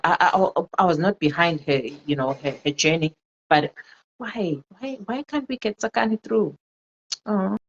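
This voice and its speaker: A woman's voice: low-pitched, low-quality recording. A woman hosting a casual Facebook live chat on her phone, earnest and repeating her phrases, slipping in Zulu words. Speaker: livestream host.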